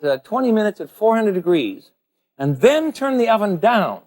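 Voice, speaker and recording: A man's voice: on the high side, a little mellow. A man hosting a televised cooking demonstration, chatty and playful, talking straight to the viewer as he works. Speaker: cooking show host.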